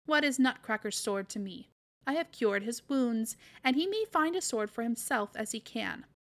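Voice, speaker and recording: A woman voicing an eccentric older male godfather, a clockmaker, in a grating, monotonous tone in a read-aloud storybook. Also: on the high side. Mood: irritable. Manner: sing-song chanting, slowed down.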